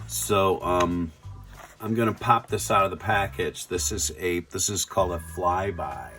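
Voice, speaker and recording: A man's voice: low-pitched, a little slow, fairly bright tone, faint music behind. A middle-aged man reviewing toys in a casual unboxing, fond and chatty, full of ums and restarts. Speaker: toy reviewer.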